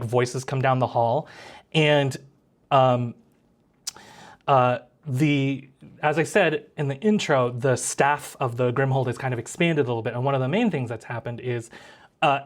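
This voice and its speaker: A man's voice: mid-range voice, measured pace. A man narrating a tabletop game as game master, rambling with many fillers.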